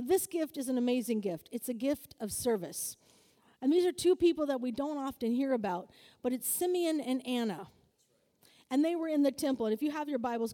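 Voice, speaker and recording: High-voiced woman teaching in a reverberant hall. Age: adult, married. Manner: lively, calls for audience answers, acts out quoted voices. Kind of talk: sermon-style teaching to a group.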